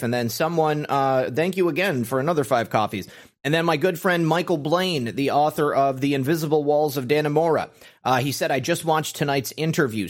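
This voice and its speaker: A man hosting a live political stream, casually reading out viewer comments with frequent fillers. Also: on the high side. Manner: rambling, reads names with fillers.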